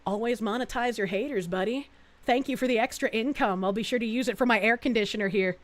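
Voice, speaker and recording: A woman's voice: a little high, fast. A woman from Canada streaming casually, reading chat aloud with profane, sarcastic mockery. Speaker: livestreamer.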